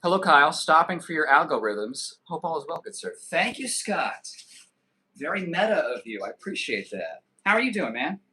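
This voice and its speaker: A man in his thirties talks casually to his stream chat, answering comments with crude jokes and quick tangents. His voice sits a bit high and has a bright, forceful edge. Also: big pitch swings. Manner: loose, joking and profane, with quick asides. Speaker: livestream host.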